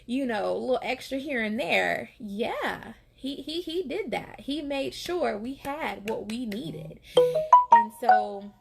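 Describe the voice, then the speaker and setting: A woman's voice: fairly high pitch, lively intonation, takes it slowly, creaky, loud music behind the voice. A young adult woman, a nurse, talking casually and from the heart about faith and her work, with frequent fillers and laughs. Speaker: nurse and vlogger. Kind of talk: casual faith-sharing chat.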